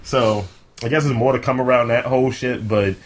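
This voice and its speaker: A man's voice: mid-range voice, fairly quick. A young man co-hosting a podcast, telling gossip in a loose, profane, storytelling way. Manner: animated, profane storytelling, retelling gossip with quoted voices. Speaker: podcast co-host. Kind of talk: casual podcast chat.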